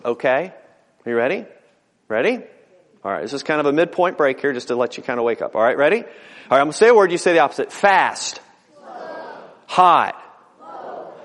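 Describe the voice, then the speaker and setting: A middle-aged male pastor preaching in a high voice, folksy and earnest, stacking up alliterative phrases and stumbling over repeated words. His sermon rings out through a large sanctuary with a long, lingering reverb. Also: fairly bright tone.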